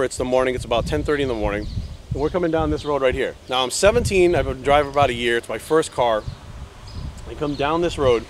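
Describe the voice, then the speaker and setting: A man in his forties telling a wild story by a road, animated and swearing freely. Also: a little high, background noise. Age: 40s. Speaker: vlogger. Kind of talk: casual storytelling vlog. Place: outdoors by a road.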